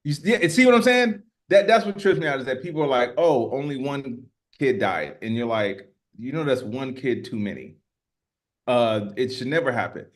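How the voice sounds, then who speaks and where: A man in his fifties co-hosting a podcast, talking casually and getting animated when worked up. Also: mid-range voice, moderate pace. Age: 50s. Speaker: podcast co-host. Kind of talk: casual chat.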